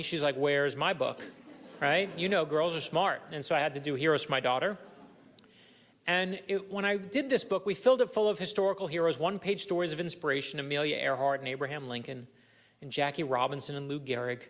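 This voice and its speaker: A man's voice: on the high side, a bit bright. Earnest man telling stories at a luncheon. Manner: earnest, anecdotal, addresses the audience directly. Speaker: guest speaker. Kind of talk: storytelling keynote speech. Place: luncheon event room.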